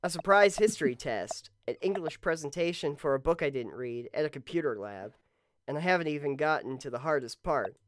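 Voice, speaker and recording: A man's voice: fairly high pitch, lively intonation, brisk, dry recording, studio quality. A man streaming a dating game, laughing often and reading its dialogue aloud with jokes. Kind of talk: casual let's-play commentary.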